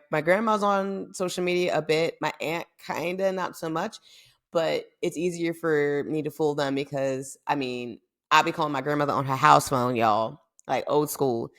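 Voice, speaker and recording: A young woman from the United States tells a story on her podcast in a chatty, animated way. Her voice sits low and has plenty of gravelly vocal fry. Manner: chatty, animated, lots of fillers. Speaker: podcast host. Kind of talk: casual storytelling.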